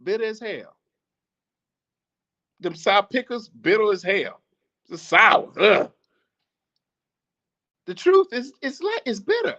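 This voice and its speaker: Podcast host, male: high voice that jumps all over, preachy and profane, dull lo-fi audio. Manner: animated, swearing, laughs often, preachy. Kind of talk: casual monologue.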